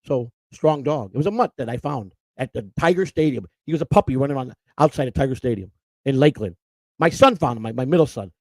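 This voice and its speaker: A man's voice: mid-range voice, lively intonation, fast talker, a little mellow, dry recording, clean studio sound. A middle-aged man hosting a live stream, telling an emotional, rambling personal story and often repeating and restarting his words. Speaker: host.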